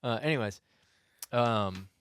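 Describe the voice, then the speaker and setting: A man's voice: fairly low pitch, takes it slowly, fairly bright tone, clean tone. A young man, co-hosting a casual podcast and telling a long story full of restarts and asides. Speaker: podcast co-host. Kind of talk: casual hunting podcast chat.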